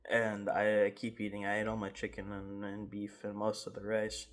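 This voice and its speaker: Guy w a lowish voice rambling thru a story in his garage, laughing and restarting. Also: monotone, normal speed. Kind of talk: casual story time. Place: home garage.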